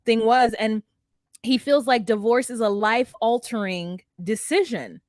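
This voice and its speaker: A woman's voice: a little high, measured pace, dry recording, studio quality. A woman co-hosting a TV recap podcast, telling it in a rambling, hesitant way with giggles. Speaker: podcast co-host. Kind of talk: casual recap chat.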